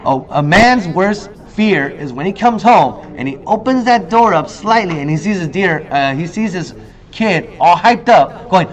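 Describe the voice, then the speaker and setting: A man in his thirties hosts a casual talk show, chatting straight to his viewers. His voice sits a little high for a man, and he tells stories with lots of energy, jumping into quoted lines. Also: normal speed. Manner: animated storyteller, acts out quoted lines in a higher voice. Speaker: host. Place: in Korea.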